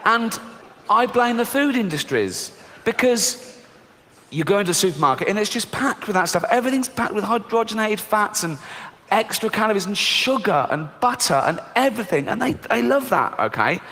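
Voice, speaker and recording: Give me a middle-aged man from Britain doing sardonic stand-up, a bit high-voiced, in a reverberant hall. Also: expressive, moderate pace, pushed and bright. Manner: mocking, sardonic, swearing freely. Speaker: stand-up comedian. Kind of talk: live stand-up routine. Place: theater stage before a laughing audience. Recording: long hall reverb, faint noise.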